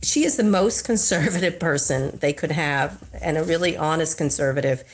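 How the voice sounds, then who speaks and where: A woman's voice: deep voice, moderate pace. A woman born in Pennsylvania, talking bluntly and with strong opinions as a podcast guest. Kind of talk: casual conversation.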